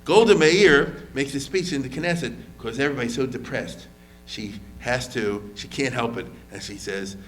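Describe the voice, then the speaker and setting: A man's voice: mid-range voice, normal speed, hardly any pauses, soft background music. Conversational man lecturing on history. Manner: conversational, lively quoted voices, frequent fillers and restarts.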